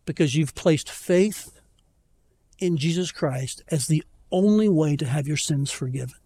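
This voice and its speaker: A pastor in church preaches conversationally, telling stories with self-deprecating humor and slowing to plead earnestly at key points. He has a high voice with a darkish tone.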